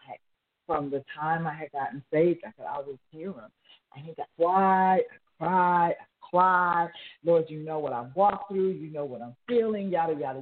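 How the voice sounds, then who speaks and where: A woman in her fifties sharing a personal faith testimony on a talk show, laughing often and turning earnest and preachy. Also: low voice. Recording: tinny phone line.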